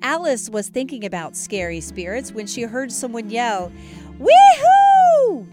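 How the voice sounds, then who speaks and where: A woman reading a children's story aloud, her voice high and lively with a wide, sing-song range. Soft music plays faintly behind her. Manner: expressive, animated reading. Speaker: news anchor reading a story. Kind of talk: storybook narration.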